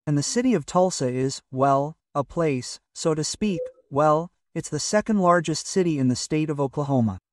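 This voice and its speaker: A man's voice: a little high, expressive, normal speed, few pauses, no room sound, studio quality, far from the mic. An older man from Russia, a magazine publisher, talking in a hesitant, rambling way full of fillers in a casual interview.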